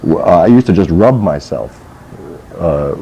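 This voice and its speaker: A man's voice: deep voice, animated, unhurried, mellow, husky, dull audio. A male comedian giving straight-faced, rambling answers with many hesitations in a mock interview.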